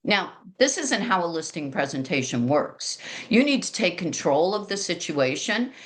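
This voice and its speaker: A woman with a slightly low, loud outdoor voice, teaching fellow agents about sales. She keeps it chatty and pokes fun at herself. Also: moderate pace. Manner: lively, chatty and self-deprecating. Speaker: real estate agent sharing sales training. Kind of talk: training talk to colleagues.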